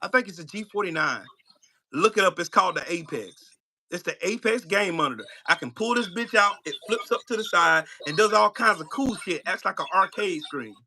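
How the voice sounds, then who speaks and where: High, bright-voiced man ranting on stream. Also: lively intonation, normal speed, slight background noise. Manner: taunting, profane, trash-talking. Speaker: live stream host. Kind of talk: profane live-stream rant. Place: home streaming setup.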